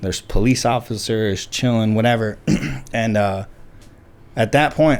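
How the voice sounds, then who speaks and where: A man's voice: lowish voice, measured pace, clean tone. A man co-hosting a casual podcast, telling stories with lots of swearing and acting out what people said. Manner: swearing, animated storyteller acting out quotes. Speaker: podcast co-host. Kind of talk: casual storytelling chat.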